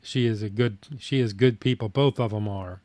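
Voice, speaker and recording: A man's voice: lowish voice, steady tone, normal speed, darkish tone, no room sound. A man hosting a live stream, chatting casually in a plainspoken, folksy way while he reads viewer comments. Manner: plainspoken, folksy, rambling with fillers.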